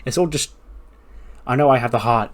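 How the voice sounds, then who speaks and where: A man's voice: mid-range voice, normal speed, natural voice. A man voicing a worn-out male wrestler who pleads with his wife. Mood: weary. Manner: weary, pleading. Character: weary, desperate male wrestler.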